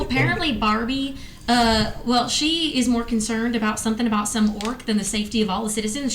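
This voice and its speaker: A woman's voice: fairly high pitch, a bit bright, slight background noise. A woman playing a tabletop game, talking in character in a chatty, rambling, playful way. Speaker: player. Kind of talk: tabletop game role-play. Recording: roomy echo.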